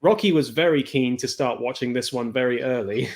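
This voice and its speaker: A man's voice: mid-range voice, brisk. British male stream co-host, casual recap chatter, mid-range voice. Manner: chatty, laughs often, loose restarts.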